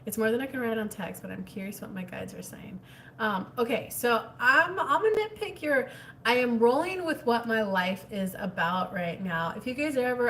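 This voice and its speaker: A woman hosting a casual livestream as a spiritual coach, reading viewer comments and answering in a chatty, animated way. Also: fairly high pitch, moderate pace, far from the mic, a little hiss or hum. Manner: chatty, animated, drops into whispers.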